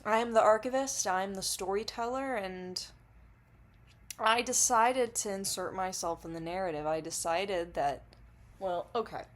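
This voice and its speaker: A woman with a mid-range voice talks at a normal pace, vlogging to the camera while intoxicated. Under the influence, she rambles casually, giggles, and swears freely.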